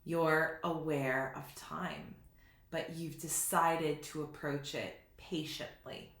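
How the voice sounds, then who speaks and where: Bright, reflective woman in a roomy space. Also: deep voice, steady tone. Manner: slow, reflective, laughs at herself. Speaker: spiritual teacher. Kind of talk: reflective spiritual teaching vlog. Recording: roomy echo.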